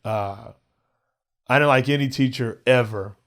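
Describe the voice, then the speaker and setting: A male comedian who is a podcast guest tells a personal story in a relaxed, conversational way. His speech is halting and full of repeated words, and he acts out the other people's voices. His voice sits at an ordinary pitch for a man. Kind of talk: casual storytelling.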